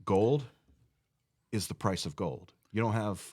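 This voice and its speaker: Casting: male podcast guest, deep low voice, rambling storyteller. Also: measured pace, a little mellow. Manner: rambling, restarts his sentences. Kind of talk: casual storytelling.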